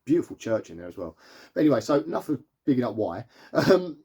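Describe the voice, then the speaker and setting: Bloke rambling through a movie review, chatty, lots of fillers and little laughs, mid-pitched voice. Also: male voice, sing-song, fast, vocal fry, mellow, breathy edge. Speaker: film reviewer. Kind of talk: casual film review.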